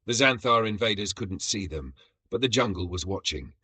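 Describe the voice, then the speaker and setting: Husky-voiced male story narrator. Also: on the low side, animated, normal speed, pushed and bright, no room sound.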